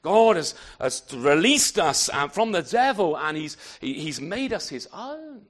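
A man preaching a sermon, his voice sitting high and swinging widely in pitch. He talks it through unscripted, stumbling into restarts and tossing out rhetorical questions to the congregation. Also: big pitch swings, measured pace.

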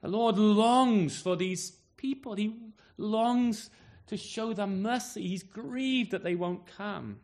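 A man's voice: high voice, slow pace, darkish tone. A man preaching a sermon at an evening service, emphatic, often closing points with rhetorical tag questions like "isn't he?".

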